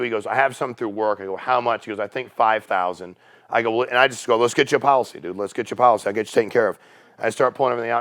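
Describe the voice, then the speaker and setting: A middle-aged man telling stories casually to a business meeting, acting out the people in them. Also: on the low side. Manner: casual, animated storyteller acting out quoted voices. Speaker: company CEO speaking at a sales meeting. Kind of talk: storytelling talk to a business audience.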